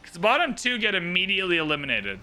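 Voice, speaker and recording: A fast-talking man with a very bright, high voice jokes his way through a strategy game on a livestream, keeping things relaxed. Playful asides pepper his chatter over faint background game music.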